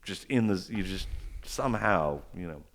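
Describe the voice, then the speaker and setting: A man's voice: sits low, lively intonation, moderate pace, a bit bright. A man co-hosting a podcast in casual chat, rambling and making crude jokes. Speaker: podcast co-host.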